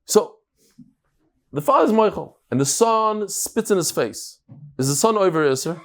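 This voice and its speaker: A man, a rabbi, giving a daily Talmud lecture, thinking out loud, acting out the exchanges and mixing English with Hebrew and Aramaic terms. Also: sits high, lively intonation, a little slow.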